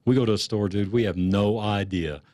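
A man's voice: fairly low pitch, normal speed, a little mellow, dry recording. A man hosting a radio talk show, casual and upbeat as he chats with his guest.

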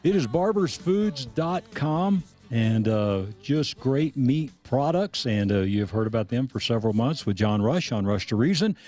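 A man's voice: medium pitch, lively intonation, normal speed, few pauses, darkish tone, faint music behind. A man hosting a radio talk show, casual and upbeat as he chats with his guest.

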